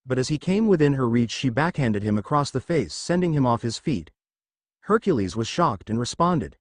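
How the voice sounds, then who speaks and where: A man's voice: mid-range voice, sing-song, a little fast, no echo. A man narrating a dramatic story.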